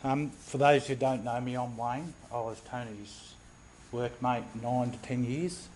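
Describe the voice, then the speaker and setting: A man speaking at a funeral as the late man's longtime workmate, soft-spoken and informal. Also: mid-range voice, steady tone, unhurried, slight background noise, poor audio. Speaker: workmate giving a eulogy. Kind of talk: funeral speech. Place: funeral service.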